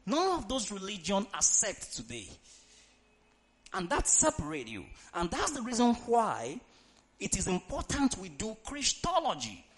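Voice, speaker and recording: A male preacher, delivering an emphatic sermon, reading scripture dramatically and urging the congregation to answer out loud. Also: high voice. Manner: emphatic, calls for congregation responses; reads scripture aloud in a dramatic tone.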